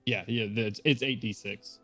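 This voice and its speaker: A man's voice: lowish voice, steady tone, normal speed, over loud music. Methodical male tabletop player. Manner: methodical, explains his rules and moves. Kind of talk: tabletop game play.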